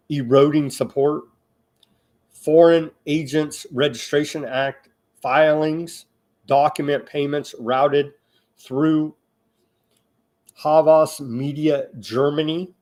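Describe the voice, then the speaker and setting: A man hosting an online news show, reading reports aloud with halting asides, now and then rising into loud appeals to his listeners. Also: medium pitch. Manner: slow, halting delivery with asides and restarts; grows loud and emphatic when addressing listeners.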